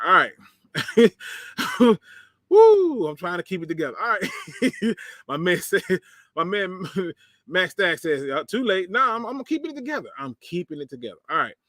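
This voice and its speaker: A man hosting a sports livestream, his voice a bit higher than most and swinging widely as he reacts to the chat with sarcasm and laughs. The sound is dry and close, with no room around it. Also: no echo. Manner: animated, sarcastic, laughs often, talks to chat. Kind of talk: casual livestream commentary, reading chat.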